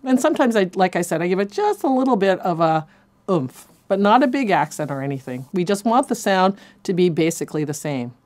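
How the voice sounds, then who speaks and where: A woman's voice: fairly low pitch, very animated, fairly quick, darkish tone. A woman teaching a cello lesson, counting beats aloud and encouraging her students. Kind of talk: instructional lesson. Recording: cello playing behind. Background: faint cello music.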